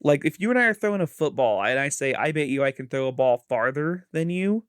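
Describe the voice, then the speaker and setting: A man's voice: medium pitch, lively intonation, brisk, smooth, dry recording, studio quality. A man co-hosting a podcast in casual chat, with a Midwestern American accent, playful and laughing often. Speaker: podcast co-host.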